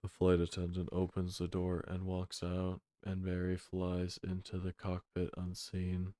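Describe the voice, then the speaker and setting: Very deep, drowsy monotone man. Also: a little slow, dry recording. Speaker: narrator. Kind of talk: comic sleepy script reading.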